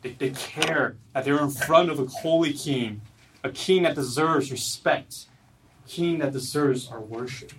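A man preaching a sermon at a church service, earnest, swinging from loud emphatic lines to low quiet ones. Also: unhurried, recorded from a distance, slight background noise, rough recording. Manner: earnest, rises loud then drops low and soft. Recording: voice from away from the mic.

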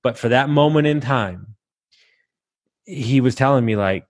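A man's voice: medium pitch, measured pace, dry recording. A man in his thirties, a podcast host, telling his personal story candidly and bluntly, swearing freely and restarting his sentences. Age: 30s.

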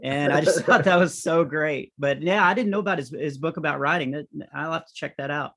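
Animated storytelling comedian, middle-aged man. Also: on the high side, a little fast. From United States. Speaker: comedian and author guest. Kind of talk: conversational interview.

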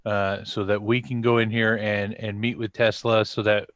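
A man's voice: lowish voice, level tone, moderate pace, a bit bright, dry recording, clean studio sound. Earnest male tabletop player.

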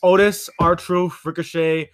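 A man co-hosting a podcast in casual chat, excitable and laughing a lot. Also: high-pitched, slow, smooth, no room sound, studio quality. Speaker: podcast co-host.

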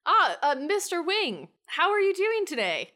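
Casting: woman doing a quirky young woman, bright clear voice, playful and rambling. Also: mid-range voice, lively intonation, a little slow. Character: imaginative young woman, upbeat and scheming.

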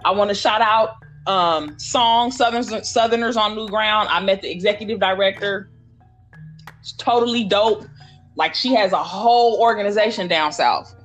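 A woman's voice: medium pitch, moderate pace, soft background music. Woman, community organizer, candid, cursing, casual talk. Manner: candid, animated storytelling with frequent cursing. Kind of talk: casual conversation.

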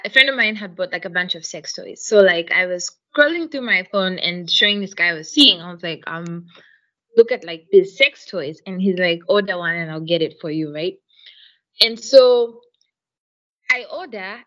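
A woman's voice: medium pitch, pushed and bright, highs cut off. Frank, swearing woman telling a story. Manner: frank, profane storytelling full of "like" and "um". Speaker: podcast co-host. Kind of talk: casual chat.

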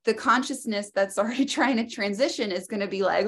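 A woman's voice: medium pitch, brisk, few pauses. A woman guest in an interview, telling a personal story in a reflective way, with loose phrasing and many fillers.

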